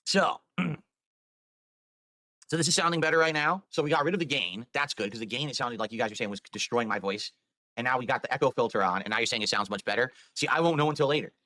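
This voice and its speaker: A man's voice: medium pitch, fast talker, sharp tone, dry recording. A man streamer talking on a live stream, explaining himself at length in a rambling, defensive way. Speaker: video game streamer.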